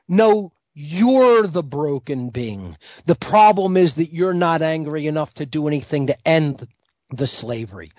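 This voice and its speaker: A talk show host delivers a heated, lecturing monologue with vehemence. His voice is a little high, animated and a little slow, with no room sound, on a dull lo-fi recording.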